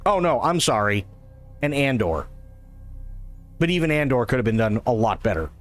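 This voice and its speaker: A man's voice: mid-range voice, very animated, normal speed. A man ranting profanely in casual live-stream chat.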